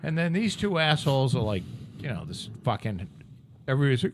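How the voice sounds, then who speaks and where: A man's voice: medium pitch, a little fast, slight background noise. Foul-mouthed guy ranting on a podcast, voice jumping up and down a lot. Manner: profane, ranting, animated. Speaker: podcast co-host. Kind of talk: crude political banter.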